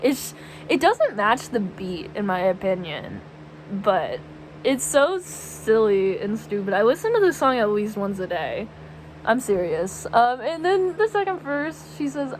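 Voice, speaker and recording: A woman's voice: a little high, animated, a little slow, a little hiss or hum, poor audio. A young woman chatting casually about music in a vlog, rambling and giggling as she quotes lyrics. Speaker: vlogger.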